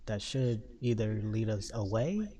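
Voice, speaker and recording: A man's voice: fairly low pitch, expressive, a little slow, dark tone, slightly rough. A man voicing a small, clever, earnest girl companion, quoting her lines in passing as he runs a tabletop game. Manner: quoted in passing by the game master.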